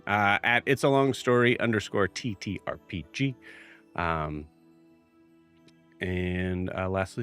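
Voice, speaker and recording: A man's voice: low voice, a little slow, long pauses, a bit bright, clear, resonant tone, faint music behind. A man hosting a live tabletop game stream, giving rambling announcements full of filler words before the session. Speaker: game master and show host.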